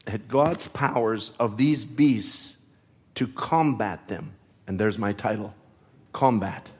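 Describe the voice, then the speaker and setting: Slow-preaching man with a cough. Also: mid-range voice. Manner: slow, deliberate preaching with asides to the congregation. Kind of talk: sermon. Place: church sanctuary.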